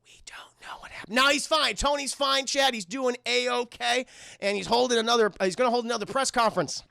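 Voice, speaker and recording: A man giving a casual, animated scene-by-scene film recap to his live chat, swearing freely and tossing in quick acted-out lines amid plenty of fillers. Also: very high-pitched, vocal fry, clear, resonant tone, no echo, clean studio sound. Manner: many fillers and restarts. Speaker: film reviewer streaming live. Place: home streaming setup.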